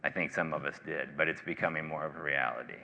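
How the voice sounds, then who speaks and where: A man preaching a sermon as pastor, earnest and emphatic, swinging from loud declarations to quiet, low passages. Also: steady tone, fast, creaky, long reverb tail, highs cut off. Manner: earnest, rising to emphatic bursts then dropping low.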